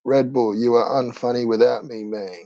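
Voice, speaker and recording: A man's voice: mid-range voice, steady tone, moderate pace, mellow, no echo, lo-fi sound. A man with an Australian accent, a streamer in brash, profane casual chat with viewers.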